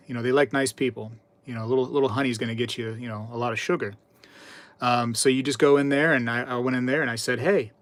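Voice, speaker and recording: A man chatting on a live stream at a middle pitch, talking loosely and repeating his words as he reads the chat and tells a story. His voice is close and dry, with no room sound around it. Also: a bit bright, dry recording. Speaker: livestream host.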